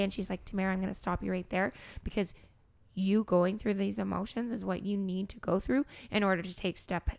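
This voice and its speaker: A young woman hosting a podcast, talking candidly and emotionally, with halting restarts and some swearing. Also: mid-range voice, fairly even intonation, gravelly, darkish tone. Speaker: podcast host, grieving mother. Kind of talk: candid conversation.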